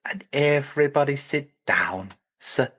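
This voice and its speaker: A man putting on a hammy mock Southern Italian accent, playing an Italian gentleman who ends every clipped catchphrase with "sir.". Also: medium pitch, lively intonation, a little slow, voice pushed up. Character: over-the-top Italian gentleman.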